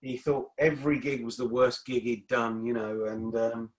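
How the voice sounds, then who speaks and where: A man's voice: medium pitch, level tone, moderate pace. A middle-aged man talking as a guest in a casual interview, rambling and repeating words as he restarts his sentences. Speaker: guest musician.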